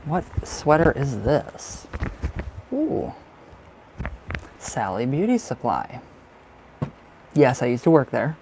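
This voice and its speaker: A man's voice: mid-range voice, expressive, unhurried, darkish tone, slight background noise. A man doing live-stream tarot readings, chatty and giggly, who calls viewers by name and sounds cold and bundled up. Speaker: tarot reader.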